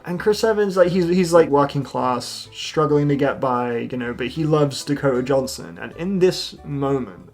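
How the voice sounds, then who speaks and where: A man's voice: medium pitch, moderate pace, hardly any pauses, faint music behind. A man giving a casual, slangy spoken film review, with lots of fillers and restarts.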